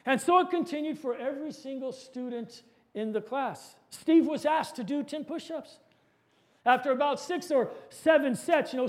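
A man preacher narrating a sermon illustration in an animated, dramatic storytelling way. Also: very high voice.

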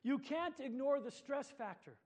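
A cautious angel questions everything, skeptical and careful, as a man reads it aloud. The voice runs very high for a man, told like a storybook. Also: lively intonation, measured pace, darkish tone.

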